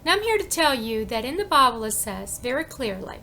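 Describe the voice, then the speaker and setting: A woman's voice: high-pitched, sing-song, brisk, hardly any pauses, sharp tone, a little hiss or hum. A woman preaching an informal sermon, emphatic and conversational, asking questions and answering them herself and repeating phrases for effect.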